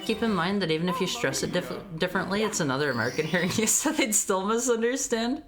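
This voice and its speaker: A woman's voice: medium pitch, expressive, fast. A woman streaming a video game, chatting playfully and teasing her chat. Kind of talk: casual game-stream commentary. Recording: game music playing behind.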